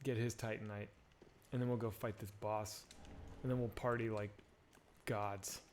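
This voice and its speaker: A man's voice: fairly low pitch, level tone, normal speed, slight background noise. A man streaming a game, chatting casually to viewers in a loose, profane, rambling way with frequent restarts. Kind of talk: casual chat while gaming.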